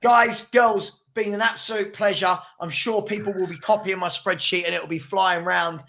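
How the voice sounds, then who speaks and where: Male, high voice, casual football stream host, chatty. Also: steady tone, moderate pace, gravelly, sharp tone. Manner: chatty, argumentative, keeps urging viewers to subscribe. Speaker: channel host.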